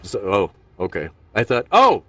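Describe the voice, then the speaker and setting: A man's voice: lowish voice, wildly swooping pitch, measured pace, pushed and bright, far from the mic. A man hosting a stand-up comedy show in a virtual reality room, rambling and self-deprecating, with many filler asides.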